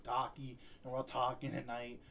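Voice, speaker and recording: A man's voice: medium pitch, monotone, normal speed, vocal fry, a bit bright, a little hiss or hum. A young adult man co-hosting a podcast, telling rambling stories with lots of fillers and frequent laughter. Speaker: podcast co-host. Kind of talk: casual chat.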